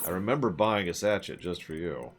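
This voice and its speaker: A man's voice: low-pitched, animated, a little fast. A man casually commenting on his game for his stream viewers, rambling and sarcastic, and sometimes laughing. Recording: music playing behind.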